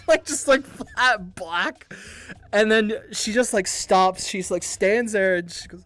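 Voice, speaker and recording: A woman hosting a casual livestream, answering viewer questions in a rambling, excitable way, swearing and laughing often. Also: medium pitch, slow pace, soft background music. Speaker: VTuber livestream host.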